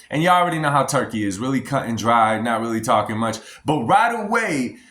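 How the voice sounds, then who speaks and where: An American man talks in a casual, emphatic vlog style and keeps addressing his viewers directly. His voice sits at an ordinary middle pitch. The sound carries a noticeable room echo. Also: a bit bright. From United States. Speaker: boxing commentary vlogger.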